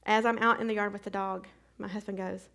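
A middle-aged woman teaching a Bible study, retelling a hectic day as an animated testimony with sound effects. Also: medium pitch, a little fast.

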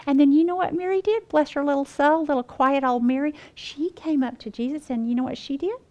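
Animated woman teaching the Bible. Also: sits high, a little fast, highs cut off. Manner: animated, folksy, addresses the room as y'all.

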